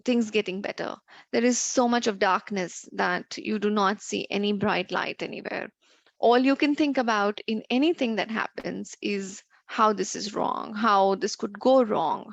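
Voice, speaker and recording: A woman's voice: fairly high pitch, creaky, dry recording. A woman doctor giving an informal educational talk, explaining in a conversational way with many fillers and examples. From United States. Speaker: family medicine doctor giving a health talk. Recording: dull dry lo-fi sound.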